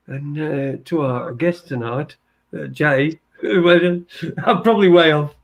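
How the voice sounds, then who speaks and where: A man's voice: a little high, takes it slowly, gravelly. A man hosting a casual podcast chat, bantering, laughing often and swearing freely. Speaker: podcast host.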